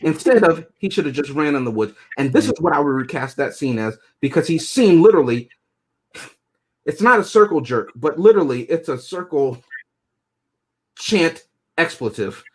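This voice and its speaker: A man's voice: fairly high pitch, expressive, a little fast, husky. A man co-hosting a casual movie review chat, joking and chuckling often as he talks.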